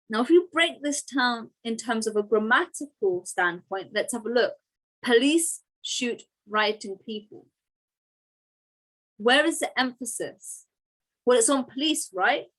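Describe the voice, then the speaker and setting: A woman teaches a grammar lesson in a fairly high voice. She breaks ideas down patiently and keeps checking in with quick "right?" and "okay" asides. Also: fairly bright tone, poor audio.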